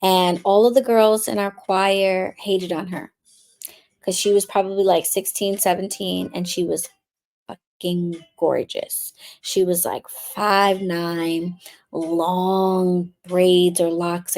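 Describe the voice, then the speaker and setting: A woman's voice: fairly low pitch, a little mellow. A woman hosting a live stream, telling a candid personal story with casual swearing before moving into a zodiac reading. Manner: frank, swears freely, chatty. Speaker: witch coach and card reader.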